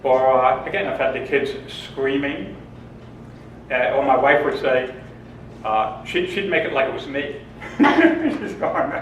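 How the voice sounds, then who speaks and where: A man presents a funny seminar, full of jokes, stories and frequent laughter. His mid-range voice is very animated but slow. The recording, from a distant mic in an echoey room, has the highs cut off and a little hiss or hum.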